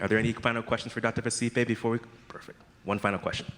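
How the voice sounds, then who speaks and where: A man moderates a conference Q&A with an enthusiastic, reflective manner. His fairly low voice has a bright, forceful edge. It echoes with a long reverb in a large hall. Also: level tone, rapid-fire, a little hiss or hum. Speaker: session moderator. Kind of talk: moderating audience questions.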